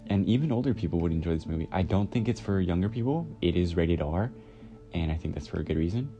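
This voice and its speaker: Deep-voiced young man rambling casually. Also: lively intonation, fast, mellow. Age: 20s. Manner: rambling, full of "like" fillers. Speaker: vlogger reviewing a film. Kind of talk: casual chat. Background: music.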